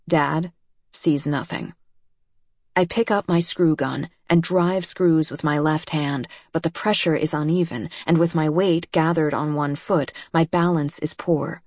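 A woman reads a first-person memoir in a low, husky, slightly breathy voice. Her delivery is measured and sober, never rushed. The recording is close and dry, with no room sound. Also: a little mellow, dry recording. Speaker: audiobook narrator.

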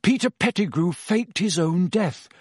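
Man doing a teen boy wizard, desperate, yelling, higher voice, lots of swing. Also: lively intonation, measured pace, husky, dry recording, studio quality, exaggerated voice. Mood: urgent. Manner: urgent, pleading, shouting. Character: agitated teenage boy wizard.

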